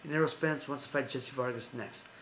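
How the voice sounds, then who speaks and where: A man's voice: mid-range voice, brisk, a bit bright. An American man hosting a casual boxing news chat, rambling along, repeating names and restarting his phrases. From United States. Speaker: host. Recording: echoey room with faint ambient noise.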